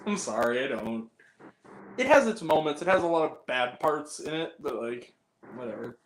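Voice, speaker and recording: A man's voice: on the high side, animated, moderate pace, echoey room, a little hiss or hum, rough recording. A young man hosting a casual movie review chat, rambling, laughing often and cracking crude jokes.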